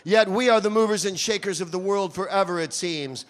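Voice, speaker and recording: A man's voice: high-pitched, brisk. A male host reciting verse theatrically and introducing the next comic on a club stage.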